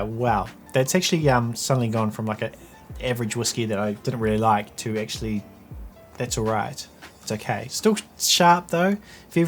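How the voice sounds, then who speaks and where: Guy doing a laid-back whisky tasting, just musing out loud, bit of quiet music under him. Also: medium pitch. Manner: chatty, thinks aloud while tasting. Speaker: whisky reviewer. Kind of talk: casual whisky tasting review.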